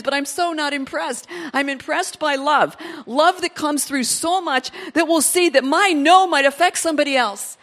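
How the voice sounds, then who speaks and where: A woman with a high voice preaches to her congregation. She tells stories in a lively way and acts out the people she quotes. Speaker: pastor. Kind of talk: sermon.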